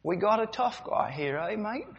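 A preacher acting a bullying slave-ship sailor. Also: male voice, sits high, expressive, normal speed, pitched above the performer's own voice. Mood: sneering. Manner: taunting, threatening, calls people mate and buddy. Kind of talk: preacher's dramatic demonstration. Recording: dull sound, long hall reverb.

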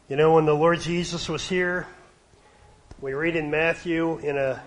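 A middle-aged man from Canada preaching a sermon, his voice sometimes dropping to a hush. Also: fairly high pitch, fairly even intonation, measured pace, rough recording. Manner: varies loudness, dropping to a hush at quiet points.

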